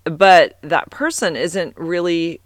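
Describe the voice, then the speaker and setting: A man's voice: fairly high pitch, takes it slowly, no room sound, studio quality. A man talking candidly to camera in a casual monologue, rambling with fillers and restarts and swearing for emphasis when heated.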